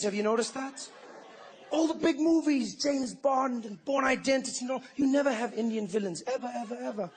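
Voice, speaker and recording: A man performing a stand-up routine in an animated, rambling way, with frequent asides to the audience. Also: very high voice, a little hiss or hum. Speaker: stand-up comedian.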